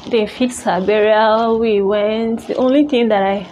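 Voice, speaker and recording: A woman telling a personal story in a halting, emotional way, full of restarts. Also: on the high side, fairly even intonation, a little mellow, slight background noise. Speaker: vlogger.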